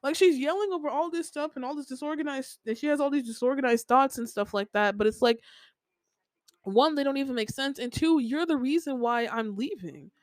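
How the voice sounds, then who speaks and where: A woman's voice: high voice, a little fast, dry recording, rough recording. A young adult woman hosting a podcast, venting in a casual personal monologue with many "like" fillers, repeating herself. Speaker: podcast host.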